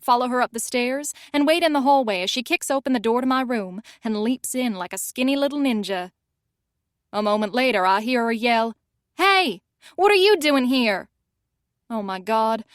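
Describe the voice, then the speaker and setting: A woman narrating an audiobook in the first person, wry and expressive. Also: on the high side, no echo, studio quality.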